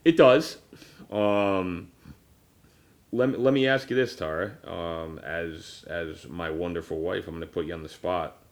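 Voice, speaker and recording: Hosting a laid-back podcast, a man in his thirties speaks in a deep, unhurried voice. The personal conversation wanders with lots of fillers and restarts, and at points he sounds choked up.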